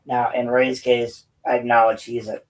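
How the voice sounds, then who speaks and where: A man's voice: mid-range voice, flat delivery, moderate pace, far from the mic, rough recording. A man from the United States hosting his own show, ranting bluntly and profanely to viewers with frequent restarts. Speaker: host and political commentator. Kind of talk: unscripted rant to viewers.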